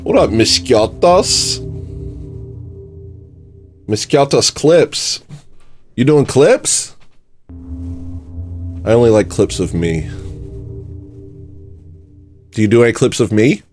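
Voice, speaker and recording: A man hosting a comedy livestream, rambling and self-mocking as he swings between mock panic and low mumbles. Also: animated, slow, pauses often, soft background music. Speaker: livestream host. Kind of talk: casual comedic livestream chat.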